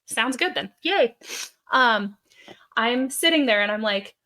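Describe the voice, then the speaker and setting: A woman's voice: a little high, animated, slow pace, bright, forceful tone. A woman co-hosting a podcast in casual chat, easygoing and laughing along. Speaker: podcast co-host.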